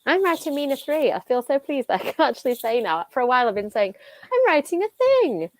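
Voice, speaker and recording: A woman's voice: fairly high pitch, lively intonation, fast talker, no echo, poor audio. A woman in her thirties, an author hosting a casual writing-sprint chat, talking in a chatty, self-deprecating way and laughing often.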